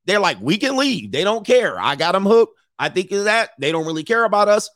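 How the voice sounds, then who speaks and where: Guy riffing live to a room, swears a lot, talks loud and blunt, dry close sound. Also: high voice, fairly quick, no room sound. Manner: blunt, profane, animated, with mocking asides. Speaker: commentary host. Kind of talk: live commentary reading messages to an audience. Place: venue with a live audience in the room.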